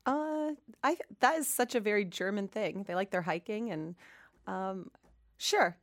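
A woman's voice: mid-range voice, measured pace, no echo, studio quality. A woman co-hosting a casual radio chat, teasing her partner and laughing often. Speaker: radio co-host.

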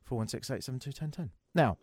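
A man's voice: mid-range voice, lively intonation, quick pace, darkish tone, no echo, clean studio sound. A man with an English accent hosting a call-in radio show, talking in a sarcastic, wry and rambling way. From England. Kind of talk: talk radio monologue.

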